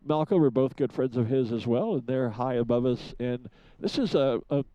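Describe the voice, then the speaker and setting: A man giving chatty live commentary from a rooftop studio, pausing often with fillers. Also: medium pitch, warm tone, dry recording, dull audio. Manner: chatty, hesitant with many fillers. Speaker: event commentator.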